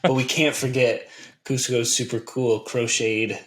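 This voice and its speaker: A man's voice: mid-range voice, level tone, unhurried, slight background noise. A man co-hosting a podcast, chiming in with short reactions in casual chat. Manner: chimes in with short reactions and laughs. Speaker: podcast co-host. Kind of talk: casual movie review chat.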